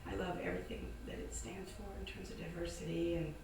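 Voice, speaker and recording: Talking fast with vocal fry in a lowish voice, a woman from the American South casually entertains a live audience with a story, animatedly performing each character's voice. It was recorded in an echoey indoor event space on a distant mic, with some noise.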